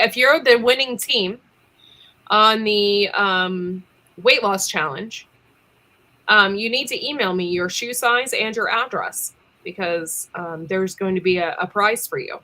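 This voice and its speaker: Giggly chatty woman, bright voice. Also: medium pitch. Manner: giggly, chatty, lots of ums. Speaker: livestream co-host. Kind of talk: casual livestream chat.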